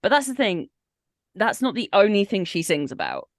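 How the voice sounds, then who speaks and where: A woman's voice: medium pitch, very animated, moderate pace, no room sound, studio quality. A woman who is a guest on a podcast, talking things through thoughtfully and hesitantly, with frequent restarts. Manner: thoughtful, hesitant, many restarts and soft laughs. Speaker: podcast guest, freelance writer. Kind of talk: casual podcast discussion.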